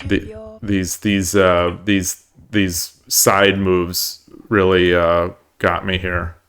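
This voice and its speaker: A man's voice: sits low, little pitch movement, extremely slow, fairly bright tone, smooth. A man streaming himself playing shogi online at home, rambling and stammering with lots of repeated words and joking at his own losing streak. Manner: self-deprecating about his losses. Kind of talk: live-stream commentary while playing.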